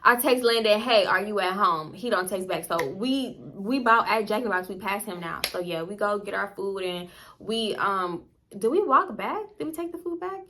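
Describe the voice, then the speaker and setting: A woman's voice: medium pitch, animated, moderate pace, sharp tone, slight background noise. A young woman vlogger telling a storytime casually, chatty and slangy, swearing freely and acting out what people said.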